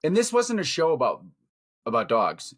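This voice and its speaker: On this podcast, a middle-aged man co-hosting delivers a casual, blunt, profane rant about his views. His voice is on the high side with huge pitch swings, at normal speed.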